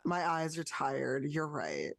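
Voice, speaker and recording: A woman's voice: low voice, big pitch swings, slow, vocal fry, no room sound. A woman player in a tabletop game, talking in a wry, jokey way. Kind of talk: tabletop role-play.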